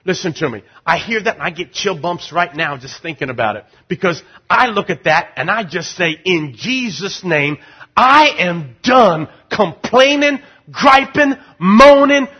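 A middle-aged male pastor preaching a sermon, animated, moving between quiet conversational asides and loud, rising declarations. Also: fairly high pitch, moderate pace, hardly any pauses, slightly rough, lo-fi sound.

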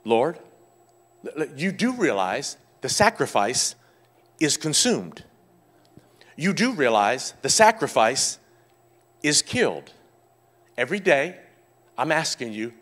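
A male pastor delivers a sermon with fervent energy, rising to loud exclamations and then dropping to quiet explanation. His medium-pitched voice is sing-song and slow, with frequent pauses.

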